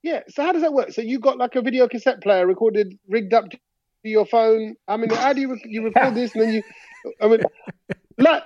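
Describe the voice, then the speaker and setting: A high-voiced man chats casually on a podcast, spinning animated, slangy stories from home. His voice comes through a dry, somewhat muffled phone mic on a video call. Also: a little fast, no room sound. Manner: animated storyteller, slangy, laughs while talking. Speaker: podcast co-host. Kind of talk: casual chat. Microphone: talking into a phone over a video chat.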